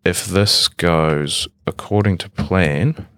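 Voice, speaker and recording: Very deep-voiced young man, dry sound. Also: fairly bright tone, no echo. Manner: easygoing, halting, many fillers and restarts. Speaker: guest guitarist. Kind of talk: casual podcast chat. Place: indoor room with a painting on the wall.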